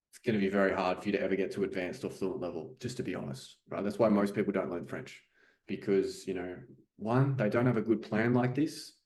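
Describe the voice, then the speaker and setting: A man's voice: on the low side, darkish tone, reverberant. A man who works as a French coach, talking casually to viewers about how to learn the language and often dropping in "okay" and "you know". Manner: conversational, frequent fillers like "okay" and "you know".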